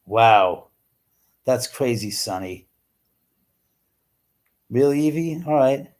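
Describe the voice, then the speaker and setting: A man hosts a casual livestream from home, answering viewers and exclaiming and swearing freely. His mid-range voice is animated yet slow-paced, with a darkish tone.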